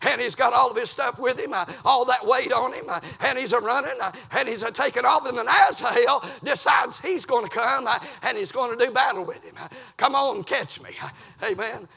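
A man preaching a folksy, animated sermon in a large church, peppering it with "uh" and "amen" and getting out of breath. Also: very high voice, fairly quick, vocal fry, breathy edge. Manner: Southern rural folksy preaching with fillers of "uh" and "amen". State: out of breath from running around.

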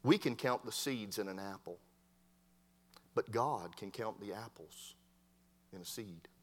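A man preaching a sermon as a Baptist preacher, telling stories with lively voiced dialogue. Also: on the low side, measured pace. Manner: storytelling preacher, animated voices in quoted dialogue. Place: church hall. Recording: long hall reverb from a church sanctuary.

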